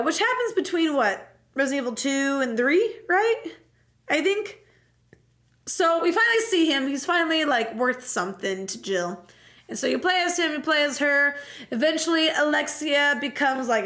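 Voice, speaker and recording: A young woman streamer giving a casual, jokey and profane recap of a game, telling it with animated energy. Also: high voice.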